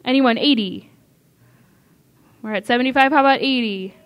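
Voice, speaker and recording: A woman calling bids at a live charity auction, repeating amounts and coaxing the room for higher offers. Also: normal speed.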